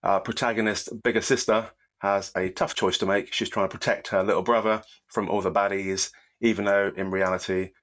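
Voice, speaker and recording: A man with a very deep voice talks eagerly as a podcast co-host. He strings his points together in long, loose lists. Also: flat delivery, brisk, few pauses, fairly bright tone. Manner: enthusiastic, summarising in long run-on lists. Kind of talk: casual podcast chat.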